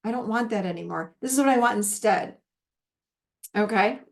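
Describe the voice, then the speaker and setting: A woman's voice: medium pitch, normal speed, creaky. A middle-aged woman teaching a relationship masterclass in a casual, conversational way, with personal stories and frequent restarts.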